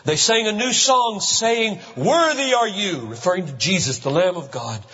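A pastor delivers an emphatic sermon in a high, animated voice, slowing down to stress key phrases. His voice swells through a church sanctuary with a long reverb, and the recording sounds a little dull. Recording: muffled hall reverb.

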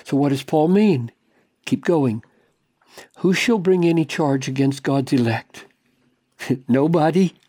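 A man delivering an expository Bible teaching at a slow, deliberate pace. His voice sits a little high for a man yet sounds mellow and dark. He speaks emphatically, posing rhetorical questions and sinking into low, hushed tones. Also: breathy edge, no echo.

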